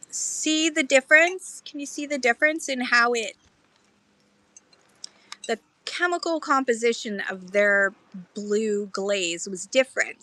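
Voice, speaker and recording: A woman running a lively live-stream pottery auction outdoors in a park, chatty and excitable, explaining pieces between bids. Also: fairly high pitch, low-quality recording. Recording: faint outdoor background noise.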